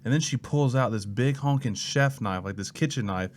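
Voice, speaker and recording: Speaking at a moderate pace in a mid-range voice, this young man from Mississippi recounts his life as a student pastor during a relaxed interview. He's an animated storyteller who performs the voices of the people he quotes.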